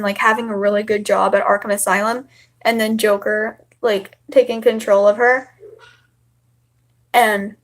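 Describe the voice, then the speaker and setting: A young woman chatting casually and rambling on a home livestream. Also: medium pitch. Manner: chatty and rambling, many fillers. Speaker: livestream host.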